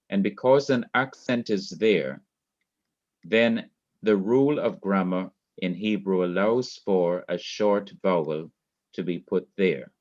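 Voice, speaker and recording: A man teaching a Hebrew grammar class, explaining slowly and repeating key points. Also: lowish voice, dull audio. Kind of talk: online classroom lecture. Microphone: laptop mic.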